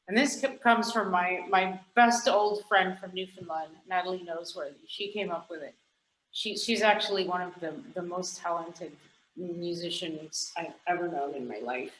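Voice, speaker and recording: A woman's voice: fairly low pitch, a bit bright, echoey room, slight background noise, poor audio. A Canadian woman, a scientist guest, chatting frankly and rambling on a podcast, swearing casually now and then.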